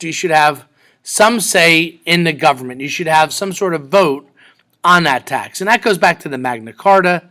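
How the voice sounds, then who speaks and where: Guy teaching a history class, bright voice, chatty, acts out little back-and-forths. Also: fairly high pitch. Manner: conversational, acts out quoted exchanges.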